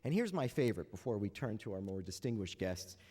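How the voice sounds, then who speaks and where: A man's voice: fairly low pitch, big pitch swings, brisk, mellow, breathy edge. A man moderating a panel in front of an audience, opening with dry jokes and many hesitant "uh"s. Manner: wry, joking asides between hesitant filler-heavy lines. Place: large lecture hall. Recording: reverberant hall.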